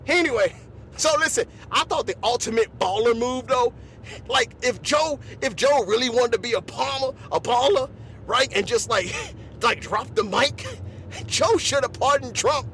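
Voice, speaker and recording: A man's voice: very high voice, expressive, normal speed, a bit bright, slight background noise. A man hosting a comedy podcast, rambling through his bits, chuckling often and repeatedly asking if you follow him. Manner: repetitive, chuckling, keeps asking "you know what I'm saying".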